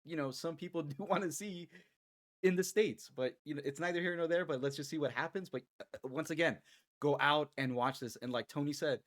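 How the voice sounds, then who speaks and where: A man's voice: a little high, fairly quick. A man co-hosting a casual wrestling podcast, speaking candidly and emphatically. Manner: candid and emphatic, building to loud enthusiasm. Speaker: podcast co-host.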